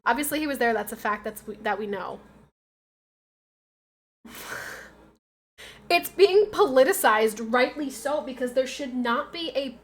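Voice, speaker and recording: A woman's voice: sits high, expressive, unhurried, long pauses. A woman livestreaming from home in a casual chat, arguing back at her chat with emphatic, insistent points.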